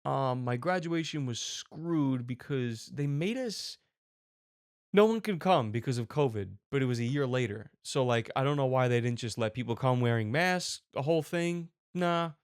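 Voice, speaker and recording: A man's voice: medium pitch, animated, moderate pace, clear, resonant tone, no room sound, clean studio sound. A man in his twenties hosting a commentary show, ranting angrily and sarcastically with lots of swearing. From United States. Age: 20s. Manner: angry, profane, sarcastic.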